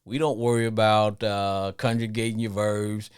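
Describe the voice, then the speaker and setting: A man's voice: moderate pace, clean tone. A middle-aged man hosting a live sports call-in show, rambling and repeating himself as he talks, with frequent chuckles. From Arkansas, with Louisiana family. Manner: rambling, repeats words, laughs often, lively swings in pitch. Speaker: podcast host.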